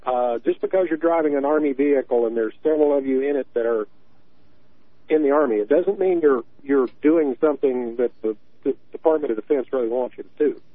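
A man's voice: medium pitch, a little fast, dry recording. A man in his early sixties calling in to a radio show, talking earnestly and often repeating words as he makes his point. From Tennessee. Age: 60s. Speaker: caller. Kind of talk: call-in radio talk. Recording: tinny dry phone line.

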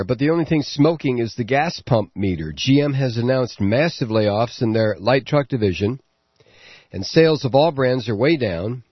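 Man, talk radio host, sarcastic political monologue, husky tone, dry muffled lo-fi sound. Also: medium pitch, no room sound. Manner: sarcastic, animated, halting with many fillers.

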